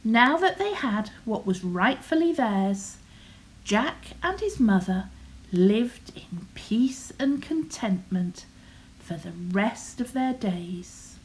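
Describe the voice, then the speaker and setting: Slow, soft-spoken older woman storyteller. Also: medium pitch, expressive, low-quality recording. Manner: soft, often half-whispered, lingering on words. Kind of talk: bedtime story reading.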